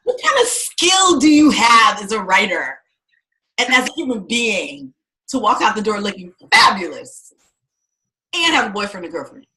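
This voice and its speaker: Lively, bright-voiced woman writing coach. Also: medium pitch, normal speed. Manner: expressive, swings loud and soft, acts out quotes. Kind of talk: animated storytelling to a class.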